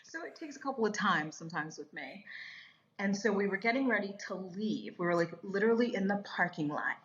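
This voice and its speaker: Woman in her 50s telling a story, lively, laughs a lot, kinda dull lo-fi sound. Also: mid-range voice, fairly quick. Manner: animated, laughs often, acts out quoted voices. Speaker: guest. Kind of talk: personal storytelling on a faith podcast.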